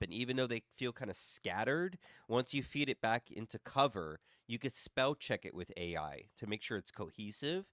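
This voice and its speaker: A man's voice: on the low side, fairly bright tone, no room sound, clean studio sound. A man hosting a casual panel chat, teasing his co-hosts and often restarting his words. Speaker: podcast host.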